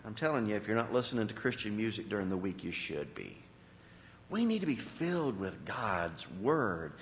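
A man preaching a sermon as pastor, in an animated way with sudden rises and drops in his voice. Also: lowish voice, normal speed, in a large hall, a little hiss or hum.

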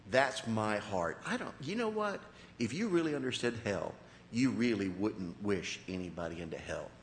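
A man preaching a sermon as pastor, in an animated way with sudden rises and drops in his voice. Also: medium pitch, moderate pace, in a large hall, a little hiss or hum.

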